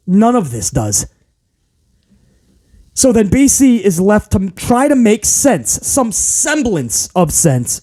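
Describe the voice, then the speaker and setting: A man's voice: sits high, dark tone. A man hosting a casual wrestling review podcast, ranting in an exasperated way with stammered restarts. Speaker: podcast host.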